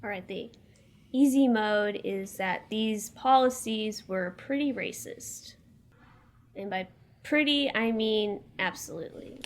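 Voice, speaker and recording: A woman's voice: medium pitch, slow. A young woman hosting a casual podcast quiz and reading the questions out plainly. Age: young adult. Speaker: quiz host.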